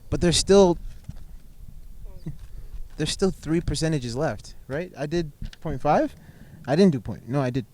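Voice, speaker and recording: A man's voice: fairly high pitch, lively intonation, unhurried, long pauses, darkish tone. A young man chatting casually outdoors on a rooftop, joking and laughing often as he guesses. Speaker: co-host guessing ancestry results. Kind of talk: casual banter.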